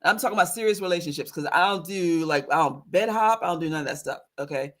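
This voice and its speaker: A woman's voice: fairly low pitch, quick pace, fairly bright tone. A woman spiritual teacher telling a story casually to her online audience, laughing often and stressing points with "okay?" asides.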